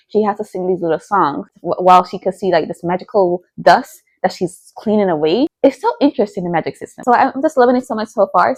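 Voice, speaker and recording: A young woman, the book vlogger, chats casually about books she has read, leaning heavily on fillers like "like" and "you know." Her voice is medium in pitch and somewhat dark, recorded dry.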